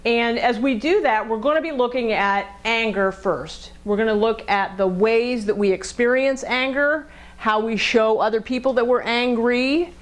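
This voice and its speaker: A woman's voice: a little high, poor audio. A woman counselor leading a group lesson in a group room, talking conversationally, asking the group questions and acting out angry voices.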